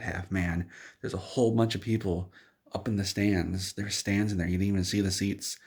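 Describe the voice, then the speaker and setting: A man telling an absurd story in the second person, rambling in a deadpan way. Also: low voice.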